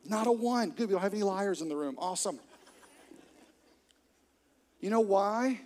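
A man preaching a sermon to a congregation, animated and humorous, acting out little quoted scenes. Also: sits high, moderate pace. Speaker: pastor.

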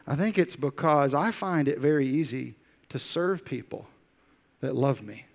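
A man preaching a sermon as pastor, telling the story with lively acted-out quotes and dropping into soft, intense lines. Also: mid-range voice, measured pace, creaky.

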